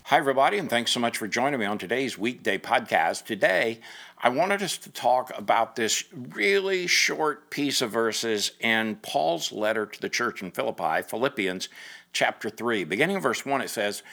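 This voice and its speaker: A male pastor talking through a podcast sermon in a friendly, conversational way. His voice sits in a middle pitch, and he repeats words as he thinks aloud. He stays upbeat and encouraging throughout. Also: lively intonation, normal speed, creaky, bright, forceful tone.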